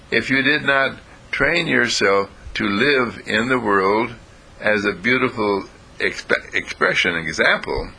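A man delivers a spiritual talk at an unhurried, deliberate pace, often stopping between short phrases and repeating them for emphasis. His voice sits a little low but sounds bright and sharp, with a faintly husky grain. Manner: slow, halting delivery with long pauses. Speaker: spiritual teacher. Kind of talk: spiritual lecture.

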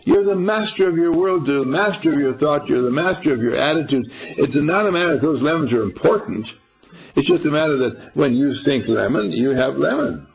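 A man's voice: on the high side, animated, fairly quick, gravelly, slightly rough, poor audio. An older man giving an informal spiritual talk to a small group, folksy and rambling, quizzing his listeners as he goes. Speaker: spiritual teacher.

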